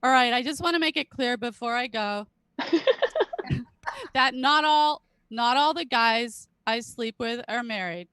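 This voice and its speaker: A woman's voice: on the high side, a little slow, sharp tone, clean tone, dry recording, rough recording. A woman in her late thirties doing a stand-up comedy set full of crude, self-deprecating jokes, often laughing at her own lines. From Britain. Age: late 30s. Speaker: stand-up comic. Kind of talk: stand-up comedy set at a virtual charity show.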